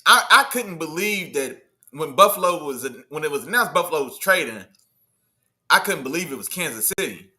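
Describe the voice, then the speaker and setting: Bright-voiced, high-pitched man in loose sports talk. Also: moderate pace. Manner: slangy, animated, talks back to chat. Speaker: livestream host. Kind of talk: casual sports talk livestream.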